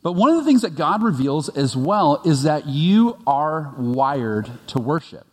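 A man preaches a sermon in a relaxed, conversational way, often restarting his sentences as he tells a story. His voice sits a touch higher than most men's, and it rings out with the long reverb of a large hall. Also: measured pace. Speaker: pastor.

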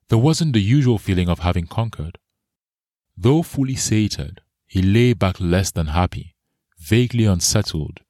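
Deep-voiced male storyteller. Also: a little mellow, no room sound, clean studio sound. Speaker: narrator. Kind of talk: scripted narration.

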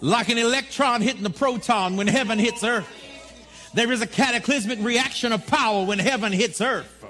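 A man preaching a sermon to a congregation, shouting and telling a story with emphasis. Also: very high-pitched, normal speed. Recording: live church crowd audible.

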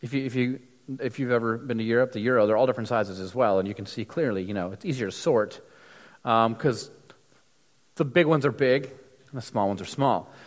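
A man's voice: mid-range voice, long reverb tail. A man from the United States giving a casual, conversational sermon with many fillers and restarts. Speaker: preacher.

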